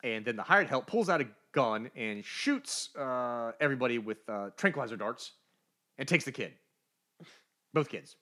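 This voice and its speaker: A man's voice: medium pitch, normal speed. A man co-hosting a podcast, recapping a comic book in casual chat, briefly putting on the characters' voices as he tells it. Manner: animated storyteller, briefly voicing characters. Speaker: podcast co-host.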